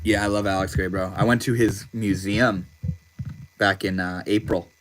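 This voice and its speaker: A man's voice: on the low side, fairly even intonation, moderate pace. A man hosting a casual livestream, reading viewer comments aloud and answering them in a laid-back, slangy way. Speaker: livestream host.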